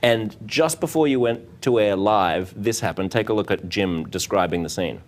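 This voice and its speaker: Talk show host guy, lowish voice, chatty, asking questions. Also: normal speed. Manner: conversational, prompting the guest. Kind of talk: interview.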